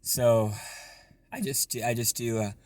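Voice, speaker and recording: A young man casually explaining a vocal technique in a relaxed, rambling way with lots of fillers. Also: medium pitch, a little slow, dry recording. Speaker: self-taught vocal tutorial maker.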